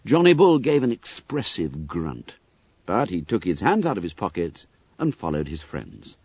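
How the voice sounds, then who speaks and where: A male narrator reads an audiobook with lively, expressive storytelling. His pitch ranges very widely, and his voice is a little husky. The recording is dry and dull. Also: moderate pace. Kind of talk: scripted narration.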